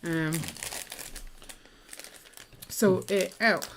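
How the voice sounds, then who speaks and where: A woman's voice: on the low side, extremely slow, background noise. A woman casually chatting and telling stories while building Lego on a livestream. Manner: chatty, storytelling, laughs easily.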